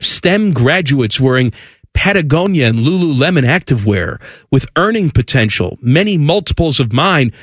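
A man's voice: fairly high pitch, dry recording, clean studio sound. A man co-hosting a sports radio show, reading aloud and joking in casual banter with a sarcastic edge. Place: radio studio.

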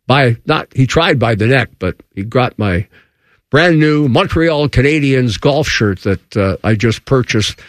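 Man telling a lively baseball story. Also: a little slow, dry recording, clean studio sound. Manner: acts out quotes with raised pitch. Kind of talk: animated storytelling.

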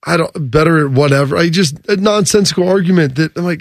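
A man's voice: a little high, quick pace, few pauses, no room sound, studio quality. A man in his thirties co-hosting a sports radio show, telling a story in casual chat and acting out the quotes. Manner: animated storyteller, acts out quotes. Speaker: radio co-host. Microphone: studio microphone.

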